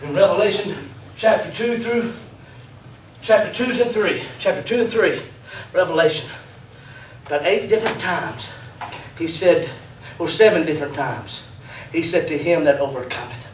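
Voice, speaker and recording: A man preaching a revival sermon in a church, breaking into laughing, shouting bursts. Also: fairly high pitch, animated, normal speed, slight background noise. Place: church sanctuary. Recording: roomy echo from far off. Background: congregation calling out.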